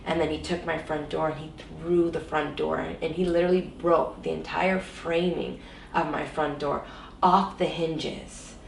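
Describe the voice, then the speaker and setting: Woman, low gravelly voice, emotional personal story, filler-heavy, echoey room, distant mic. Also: little pitch movement, measured pace, slight background noise. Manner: emotional, many fillers like "like" and "you know". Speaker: interview guest.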